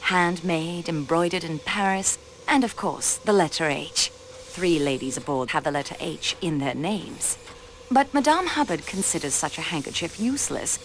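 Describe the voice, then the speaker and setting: A woman's voice: on the low side, normal speed, slight background noise, natural voice, poor audio. A woman voicing a railway clerk turned detective, who questions suspects politely but pointedly and uses French courtesies, in a video game.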